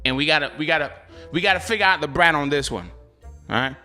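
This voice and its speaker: High bright-voiced guy rambling to his viewers, keeps laughing, faint music under. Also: fast. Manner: laughs often, animated slangy banter. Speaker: delivery driver channel host. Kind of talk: casual chat to viewers.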